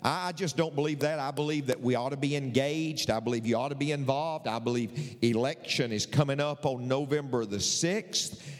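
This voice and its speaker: A man's voice: medium pitch, moderate pace, big-room sound. An older male pastor preaching a sermon in an emphatic, repetitive, folksy way with bits of humor.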